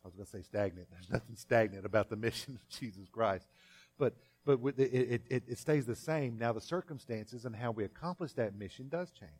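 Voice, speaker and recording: A man preaches a sermon at a relaxed, conversational pace. His voice sits at an ordinary middle pitch, and he leans on repeated phrases and short acted-out scenes. Faint music plays underneath. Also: brisk, breathy edge. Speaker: pastor.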